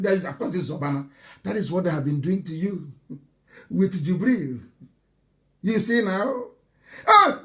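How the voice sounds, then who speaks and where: A man giving a live broadcast address to his followers, impassioned and mocking, now and then shouting and breaking into laughter, often stumbling and repeating words. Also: sits high. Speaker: movement leader addressing followers.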